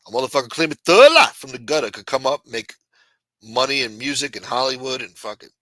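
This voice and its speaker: A man's voice: medium pitch, lively intonation, brisk, bright, forceful tone, dry recording, rough recording. A man hosting a late-night talk show, ranting bluntly with lots of profanity. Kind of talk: casual talk-show rant.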